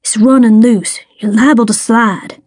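A woman's voice: on the high side, steady tone, measured pace, darkish tone, no room sound, clean studio sound. Woman doing a fretful, grumbling older mechanic.

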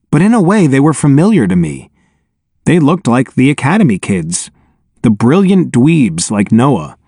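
A man narrating an audiobook in an expressive, wry first-person telling, on a close studio mic. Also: mid-range voice, no echo.

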